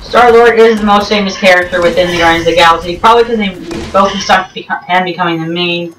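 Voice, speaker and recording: A woman giving rambling, joking commentary over gameplay, full of ums and restarts and sudden jumps in pitch. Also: fast talker, background noise. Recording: roomy echo, distant mic, faint game music.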